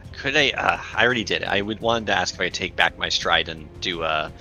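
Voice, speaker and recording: A man with a low, bright and forceful voice plays his turn in a tabletop game, hesitant and stammering as he talks it through. Faint music runs in the background. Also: fairly quick, rough recording. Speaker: player.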